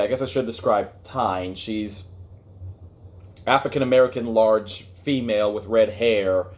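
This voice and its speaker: A man at a middle pitch delivers casual review commentary, wry and critical. He addresses his viewers directly in an offhand, chatty way. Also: darkish tone. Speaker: online review host.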